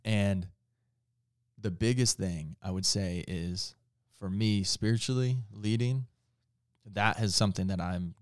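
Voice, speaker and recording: A man's voice: low voice, clean tone, no room sound, studio quality. A man co-hosting a casual faith talk, speaking earnestly and often stopping to restart and correct his own words. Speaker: podcast co-host.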